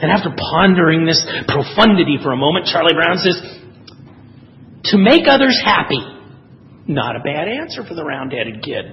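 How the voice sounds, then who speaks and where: Animated male preacher in a reverberant hall. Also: a little high, a little fast, few pauses, highs cut off. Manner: animated storyteller, voices quotes. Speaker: pastor. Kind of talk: sermon.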